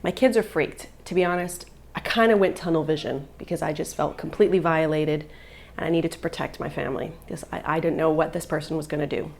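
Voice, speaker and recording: Upset woman with a low, gravelly voice. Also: steady tone, fairly quick, darkish tone, slight background noise. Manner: agitated, upset retelling with many "like" fillers. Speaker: vlogger and mother. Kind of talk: emotional live-video storytelling.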